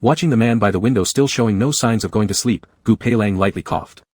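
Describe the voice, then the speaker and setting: A man narrating a romance novel in an even, measured way. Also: on the low side, dry recording.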